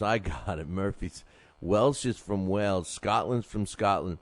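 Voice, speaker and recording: A man's voice: low-pitched, very animated, moderate pace, dry recording. A man hosting a boxing show, rambling through results with many fillers, his throat sore from a cough drop. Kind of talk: casual live show chat.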